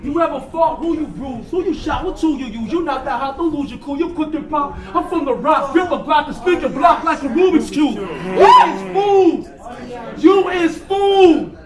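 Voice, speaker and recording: High-voiced battle rapper, loud and punchy. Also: male voice, fairly quick, hardly any pauses. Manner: loud, punchy, repeats lines and laughs at his own bars. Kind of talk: battle rap performance. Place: large indoor hall. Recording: echoey hall, distant mic, loud crowd.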